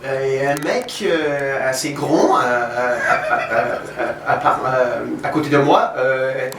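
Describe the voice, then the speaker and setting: A man answering on the spot in a halting way, pausing often to search for words. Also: mid-range voice. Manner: hesitant, searching for words, many euhs. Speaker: studio guest. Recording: echoey room, far from the mic, clear hiss.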